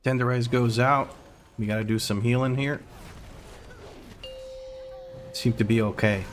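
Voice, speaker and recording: A man streams a game, giving running play-by-play and wry asides to his chat. His voice is medium in pitch and steady, fairly quick, with slight background noise.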